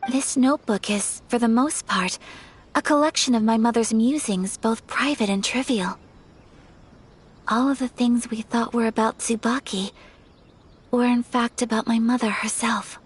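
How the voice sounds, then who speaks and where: A woman voicing a gentle, composed and polite young noblewoman in a video game, speaking in a soft, measured and formal way. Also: fairly high pitch, breathy edge. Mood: earnest. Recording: game audio with faint background music. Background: game music.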